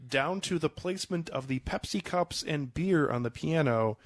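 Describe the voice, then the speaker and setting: A man's voice: on the high side, expressive, moderate pace. A man hosting a casual film review podcast, rambling and hedging with many fillers, with a cold and the odd cough. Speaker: podcast host.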